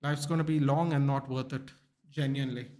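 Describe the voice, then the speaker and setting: Talking fairly quickly at a medium pitch, a young Indian man hangs out with his live-stream audience. He's blunt and animated, curses a lot, and keeps addressing people as dude in this casual chat.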